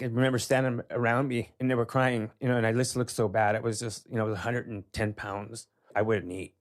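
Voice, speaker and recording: A man in his forties tells a personal story in a plain, unpolished way, his voice sitting a little low. He leans on "you know" as he goes, and emotion pushes close to tears at points. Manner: plain-spoken, with frequent "you know" fillers. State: emotional, near tears at times. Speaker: podcast guest.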